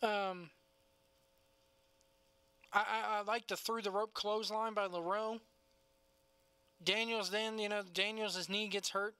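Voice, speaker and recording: A man's voice: sits high, little pitch movement, slow pace, long pauses, bright, forceful tone, clean tone, no echo. A man co-hosting a casual wrestling review podcast, laughing often and talking in a loose, cussing way. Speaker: podcast co-host.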